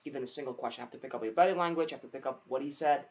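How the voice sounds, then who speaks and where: A man's voice: mid-range voice, rapid-fire. A young man co-hosting a podcast as a new salesman, chatting casually, swearing often and saying "dude" a lot. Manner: swears freely, says dude often, animated storytelling. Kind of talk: casual chat. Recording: dull lo-fi sound.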